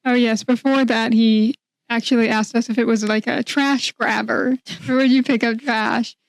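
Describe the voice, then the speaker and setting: A young woman co-hosting a podcast, laying things out in a clear, measured way. Her voice is a little high, smooth and resonant, recorded close and dry. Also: steady tone, no echo, low-quality recording. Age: young adult. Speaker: podcast co-host. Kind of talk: casual chat.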